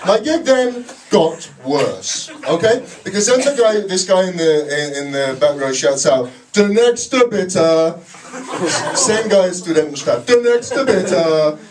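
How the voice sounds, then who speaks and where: A male stand-up comedian with a high, very lively voice tells a sarcastic story and shouts his punchlines. The sound is a noisy live club recording, with the mic well away from him. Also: normal speed, hardly any pauses, distant mic. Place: comedy club stage before a laughing audience.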